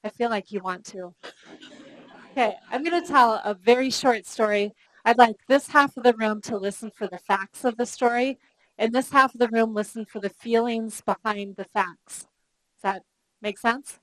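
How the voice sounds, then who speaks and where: Lively woman trainer, higher voice. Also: normal speed, no room sound, low-quality recording. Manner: lively storytelling, asks the room questions. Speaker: customer service trainer. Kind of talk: live training workshop. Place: training room with a group.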